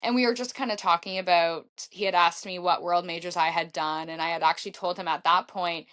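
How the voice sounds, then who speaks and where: A woman in her thirties, a podcast guest telling a story in casual chat, acting out her own quotes with big jumps in pitch. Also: fairly even intonation, fairly quick, fairly bright tone. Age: 30s. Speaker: podcast guest, marathon runner.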